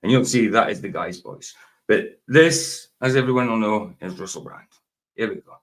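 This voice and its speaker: A man's voice: on the low side, moderate pace. A man in his forties, hosting a casual late-night reaction video in a rambling, self-correcting, chatty way. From Scotland. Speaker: YouTube reaction host.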